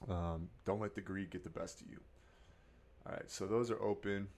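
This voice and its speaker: A man giving casual market commentary as a day trader, mumbling quietly over his charts at times and firing up into a loud, swearing pep talk at others. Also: deep voice, fairly even intonation, moderate pace, creaky, slight background noise.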